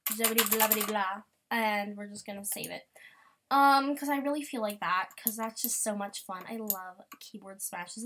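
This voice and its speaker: A young woman, rambling and bubbly as she chats casually over a game, breaking into sudden excited squeals. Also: mid-range voice, a little hiss or hum. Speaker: gamer podcaster. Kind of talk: casual gameplay commentary.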